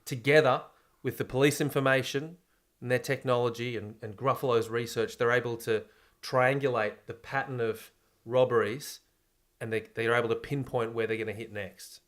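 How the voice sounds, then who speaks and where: A man's voice: medium pitch, fairly even intonation, moderate pace, fairly bright tone. Guy, young, podcast co-host, laid-back storyteller with crude humor. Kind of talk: casual comedic chat, pitching a movie plot.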